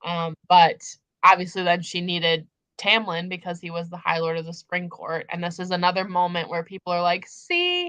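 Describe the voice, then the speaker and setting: A woman's voice: lowish voice, pushed and bright, clean tone. A young woman hosting a casual book chat livestream, gushing and emphatic as she talks through the story. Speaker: host.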